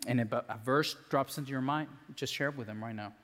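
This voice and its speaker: A male pastor giving a conversational sermon with restarts, dropping soft and low when he prays. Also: fast. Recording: long hall reverb.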